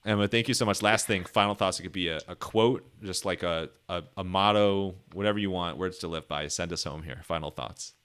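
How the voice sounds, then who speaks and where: Deep-voiced man hosting a chatty podcast. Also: fairly quick, few pauses, fairly bright tone, smooth. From Ohio, United States. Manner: chatty, laughing, many fillers and restarts. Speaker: podcast host. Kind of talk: casual interview chat.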